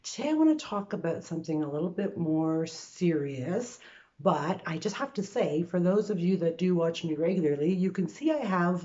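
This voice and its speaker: A woman's voice: lowish voice, mellow, lo-fi sound. A woman in her sixties from Canada, telling a personal story to camera in a chatty way, full of fillers and restarts, from her bedroom. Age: 60s. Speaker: vlogger.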